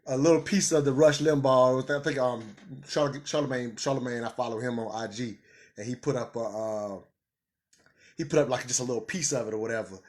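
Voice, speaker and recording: Male host riffing casually, animated and amused, stumbles into restarts, average pitch. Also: brisk. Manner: animated, laughing, repeats words when excited. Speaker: commentary channel host. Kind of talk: casual commentary.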